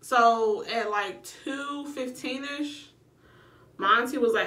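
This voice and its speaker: Woman, casual storyteller, profane and animated, a bit high, echoey room off-mic. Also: takes it slowly, distant mic. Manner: animated, profane, acts out her own quoted lines. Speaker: vlogger telling her birth story.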